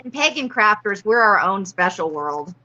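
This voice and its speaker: A woman guest chats casually on a live stream, her voice bright and sharp. She rambles a little as she tells things. The sound is a bit muffled. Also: mid-range voice, expressive, moderate pace.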